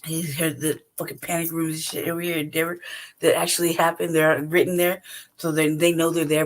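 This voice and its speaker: A woman's voice: sits low, flat delivery, fairly quick. Blunt, profane woman ranting. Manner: blunt, heavily profane, laughs between points; talks straight to the listener with repeated "right?". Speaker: channel host. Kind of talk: ranting commentary monologue.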